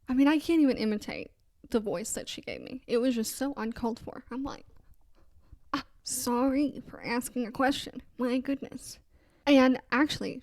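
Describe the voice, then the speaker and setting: A woman's voice: fairly high pitch, a little mellow, no room sound. A young adult woman hosting a casual faith podcast, telling a story in a chatty way and quoting other voices. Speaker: podcast host.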